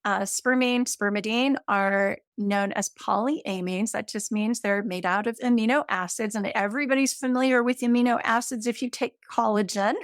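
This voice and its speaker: A woman in her late fifties with a fairly high voice, talking as an interview guest. She explains the science with enthusiasm and everyday comparisons. The sound is dry and close, with no room echo. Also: fairly even intonation, normal speed, few pauses. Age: 50s.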